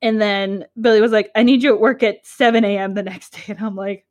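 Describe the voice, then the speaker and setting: A young woman in her twenties co-hosting a podcast, telling a story in a casual chat, animated and giggly with lots of "like". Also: medium pitch, brisk, dull audio. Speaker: podcast co-host.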